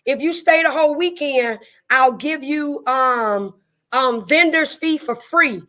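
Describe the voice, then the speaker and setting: A woman's voice: sits high, slow pace, a bit bright. A woman with a Southern drawl hosting a casual live stream, chatting folksily with viewers, repeating herself and greeting them by name.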